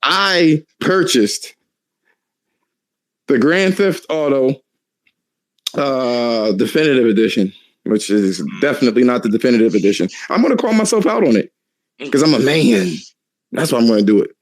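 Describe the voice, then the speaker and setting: A man's voice: medium pitch, normal speed, pauses often. A man hosting a casual podcast, ranting animatedly and cursing a lot. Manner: profane, animated ranting with laughs. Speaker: podcast host.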